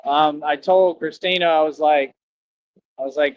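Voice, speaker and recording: Rambling man streaming outdoors, higher voice. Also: fairly even intonation, normal speed, no room sound. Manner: rambling, repeats himself, preachy. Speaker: livestreamer asking for donations. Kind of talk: casual rambling livestream talk. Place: outdoors near a street with traffic. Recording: dull lo-fi stream audio.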